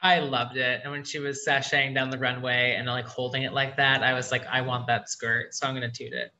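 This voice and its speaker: Bright-toned upbeat male co-host. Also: mid-range voice, flat delivery, brisk. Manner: upbeat, many "like" fillers. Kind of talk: casual chat.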